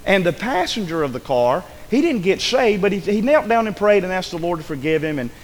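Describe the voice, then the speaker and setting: Fervent preacher in an echoing hall. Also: male voice, high voice, big pitch swings, fairly quick. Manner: fervent storytelling, swings between hushed and shouted. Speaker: pastor. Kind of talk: sermon. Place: church sanctuary. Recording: echoey hall with faint ambience.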